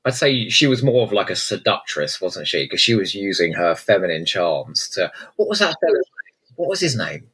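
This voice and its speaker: A man's voice: sits low, very animated, moderate pace, fairly bright tone, breathy edge. A man co-hosting a podcast in casual chat, often tacking questions onto his remarks. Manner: chatty, asks tag questions. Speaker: podcast co-host.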